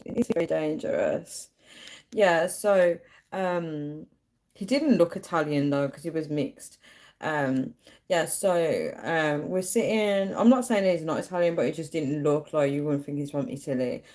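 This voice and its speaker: A young woman telling a story casually on a livestream, chatty and animated. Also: low voice, measured pace. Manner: chatty, animated, acts out quoted voices. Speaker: live streamer.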